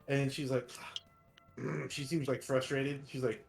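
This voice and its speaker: A man's voice: mid-range voice, unhurried, soft background music. A man narrating as game master of a tabletop game, rambling casually and swearing freely.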